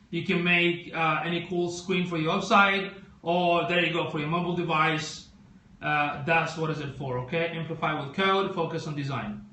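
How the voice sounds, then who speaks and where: A man hosting a casual live stream, chatting with viewers and asking them lots of questions as he walks through tech products. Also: bright, forceful tone. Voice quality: squeaky voice. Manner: chatty, addresses viewers directly, asks many questions.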